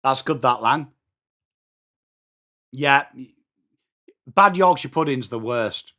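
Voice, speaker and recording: A man from England with an English accent, hosting a live sports watchalong, chatting excitably with viewers between calls of the play. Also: medium pitch, takes it slowly. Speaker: watchalong host.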